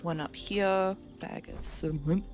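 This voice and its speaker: Slow, low-voiced woman streamer. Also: darkish tone, soft background music. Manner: chatty, reads out and answers chat, laughs easily. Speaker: game streamer. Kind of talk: casual live-stream chat while gaming.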